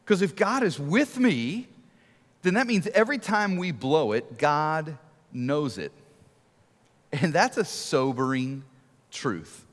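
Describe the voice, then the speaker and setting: A middle-aged man preaching a sermon to a church, telling stories and asking rhetorical questions, sometimes dropping to a hush for emphasis. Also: on the high side, animated, slow pace, pauses often. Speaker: guest preacher. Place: large church auditorium. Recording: long reverb of a large hall.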